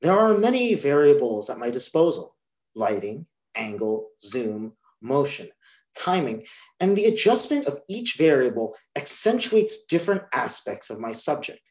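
A teenage boy from New York introducing himself and reading an excerpt of his personal essay in a careful, measured way. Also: medium pitch, very animated, a little mellow. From New York, USA. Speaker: student reader.

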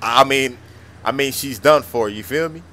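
A man playing a nervous dad in a game role-play skit who stammers and yells in panic. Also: medium pitch, moderate pace, slight background noise.

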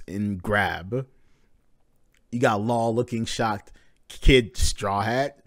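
A man hosting a live manga reading reaction, narrating panels with excited swearing and casual talk. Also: medium pitch, slow pace, no room sound, studio quality.

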